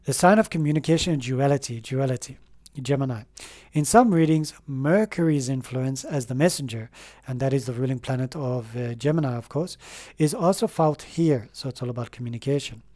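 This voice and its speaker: A man giving a spoken tarot reading, gentle and affirming, rambling with fillers and slow pauses. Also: mid-range voice. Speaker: tarot reader.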